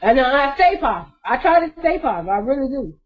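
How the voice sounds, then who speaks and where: A woman's voice: high-pitched, big pitch swings, quick pace, a little hiss or hum. A woman telling her story casually to her viewers, blunt and profane, laughing often. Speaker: vlogger. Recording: dull lo-fi recording.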